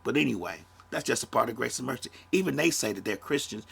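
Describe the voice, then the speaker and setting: A man's voice: medium pitch, sing-song, quick pace, creaky, hardly any pauses, a bit bright, breathy edge. A man in his fifties, a podcast host, talking bluntly in a casual monologue and swearing freely. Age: 50s. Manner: blunt, profane, conversational.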